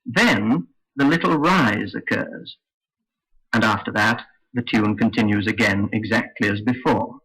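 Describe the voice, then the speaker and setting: A man teaching English intonation in a slow, careful, scripted lesson. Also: on the low side, a bit bright, slightly rough, poor audio. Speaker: phonetics teacher. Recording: old lesson recording.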